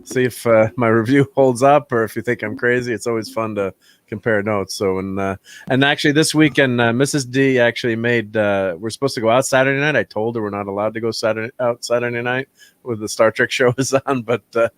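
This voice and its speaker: A man's voice: medium pitch, a little fast, clean tone, no echo. A man hosting a casual film review chat, rambling with fillers and laughing often. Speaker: channel host.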